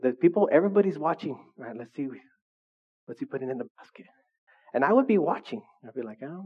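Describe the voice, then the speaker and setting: A man preaching to his congregation in a casual, animated way, often asking the room questions. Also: a little high, highs cut off. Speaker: pastor. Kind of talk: sermon.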